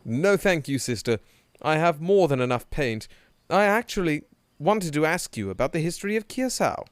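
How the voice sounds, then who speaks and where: A man's voice: fairly high pitch, sing-song, moderate pace, clean tone. A man streaming a game live, reading dialogue aloud with wry, playful asides. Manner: wry, playful asides between read lines.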